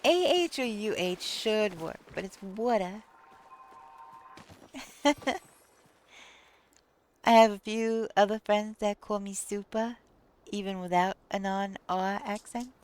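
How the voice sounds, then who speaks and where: Speaking slowly with long pauses, a woman with a medium-pitched, darkish voice live streams and chats casually with viewers. She reads the chat aloud and plays around with how words are pronounced.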